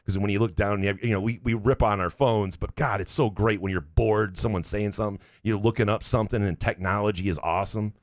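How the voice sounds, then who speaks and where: A man's voice: on the low side, fairly even intonation, fairly quick, hardly any pauses, dry recording, studio quality. Joking man reading listener questions. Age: 40s. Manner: reads listener questions aloud, joking and profane. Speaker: podcast co-host. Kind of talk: casual sports chat.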